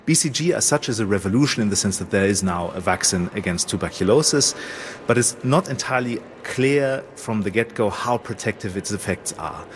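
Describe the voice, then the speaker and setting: A man with a lowish voice explains history in a measured, academic way. He speaks outdoors at a historic site, and faint ambience hums behind him. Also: lively intonation, a little hiss or hum.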